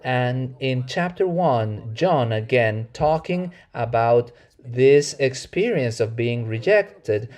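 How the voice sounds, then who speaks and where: Earnest preacher, Mexican Spanish accent. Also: male voice, mid-range voice, expressive, a little mellow. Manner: earnest, measured preaching with self-corrections. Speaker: pastor. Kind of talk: sermon.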